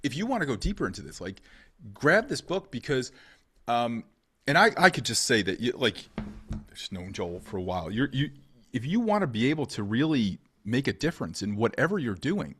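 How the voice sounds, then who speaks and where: A man with a mid-pitched voice hosts a casual podcast conversation. He rambles, restarts his sentences and reaches for sports comparisons. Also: big pitch swings, moderate pace, fairly bright tone, slight background noise. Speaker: podcast host. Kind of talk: casual chat.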